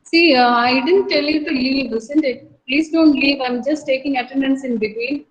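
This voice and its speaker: A woman's voice: high voice, dull audio. Indian woman teaching a college class. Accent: Indian English. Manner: explains slowly with repetitions and many fillers. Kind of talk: online class lecture.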